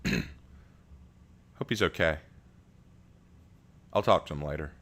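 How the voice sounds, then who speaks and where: Male streamer, casual live chat, bright tone, jokey and quick to laugh. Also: a bass voice. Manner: chatty, joking, laughs often, restarts words.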